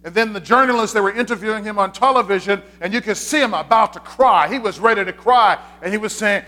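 A man's voice: sits high, brisk, hardly any pauses, pushed and bright. A man, a pastor, giving a conversational sermon, repeating his key points with frequent fillers.

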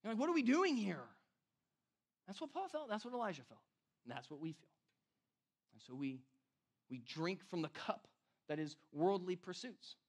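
A man's voice: sits high, big pitch swings, normal speed, long pauses. A man preaching a casual sermon to his church, chatty and self-deprecating, often laughing at himself. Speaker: pastor.

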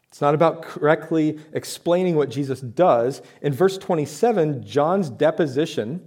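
A man's voice: mid-range voice, darkish tone. A man preaching a sermon to his church, talking in a conversational way with rhetorical questions and emphatic points. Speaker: pastor.

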